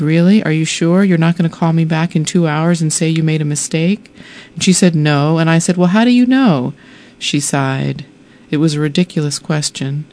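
A woman author reading aloud from her own memoir, telling the story wryly and voicing the dialogue. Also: low voice. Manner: wry, expressive storytelling with voiced dialogue.

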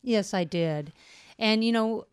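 A middle-aged novelist from Portland, Oregon, in the United States, answers interview questions earnestly and reflectively as a guest. Her medium-pitched voice is clear and resonant, delivered at a slow pace in studio-quality audio with no echo.

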